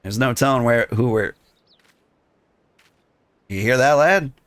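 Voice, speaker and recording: A man voicing a sly male rogue, talking in rough thieves' slang. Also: mid-range voice, takes it slowly, fairly bright tone, no echo. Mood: scheming. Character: gruff male rogue guild member, sly and streetwise. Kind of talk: reading game dialogue aloud.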